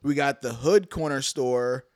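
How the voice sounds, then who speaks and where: A man's voice: mid-range voice, unhurried, dry recording, studio quality. A man hosting a casual chat, laid-back and slangy.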